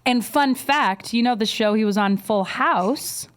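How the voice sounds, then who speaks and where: A woman's voice: on the high side, a little slow, clear, resonant tone. A young adult woman co-hosting a podcast, trading crude comedic banter and acting out quotes in shifting voices. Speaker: podcast co-host.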